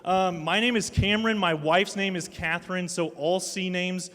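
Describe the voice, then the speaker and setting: A man in his thirties speaking at a student ministry night. He gives an animated, self-mocking talk that mixes family stories with a sermon. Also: high voice, moderate pace. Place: large hall with a live audience. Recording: long hall reverb.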